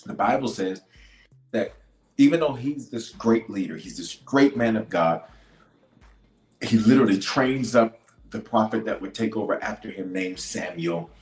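A man, a bishop, preaching a leadership sermon. He repeats key lines for emphasis and swings from loud declarations to hushed asides. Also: on the low side, expressive, moderate pace. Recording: roomy echo with faint music.

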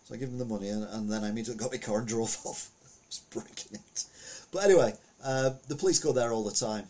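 A man's voice: mid-range voice, very fast, darkish tone. A man giving a casual, rambling commentary on the week's news, full of anecdotes and asides.

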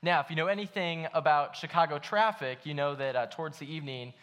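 A man's voice: fairly high pitch, quick pace, fairly bright tone, clear, resonant tone. A young man giving a casual sermon at church, telling a story in a chatty way with lots of fillers. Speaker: pastor. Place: church hall.

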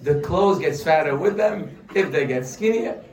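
A man giving a humorous religious lesson, animated and joking, full of rhetorical questions. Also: on the high side, moderate pace. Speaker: Torah teacher. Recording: roomy sound from a distant mic.

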